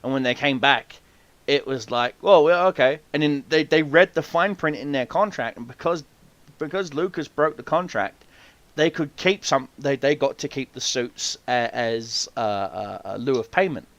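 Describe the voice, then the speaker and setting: A man's voice: mid-range voice, moderate pace, dry recording, dull audio. Swearing man telling a story. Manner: swears freely, animated, acts out quoted voices. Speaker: podcast host. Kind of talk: casual storytelling chat.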